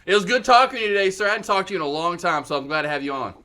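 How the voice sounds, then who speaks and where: A man's voice: high-pitched, expressive, very fast, bright, forceful tone, slight background noise. A male podcast host chatting casually, friendly and polite, calling his guest sir. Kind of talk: casual chat.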